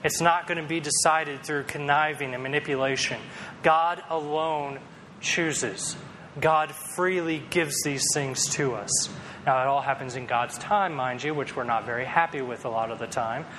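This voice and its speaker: A man's voice: on the high side, moderate pace, pushed and bright, in a large hall, a little hiss or hum, low-quality recording. A man preaching a sermon in a conversational, storytelling way, with self-deprecating humor. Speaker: pastor.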